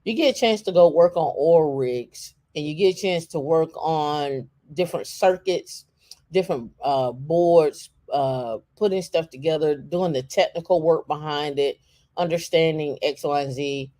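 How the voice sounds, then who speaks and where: Halting co-host thinking aloud. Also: mid-range voice, dark tone. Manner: halting and thinking aloud, with many fillers and restarts. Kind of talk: casual talk while browsing on a shared screen.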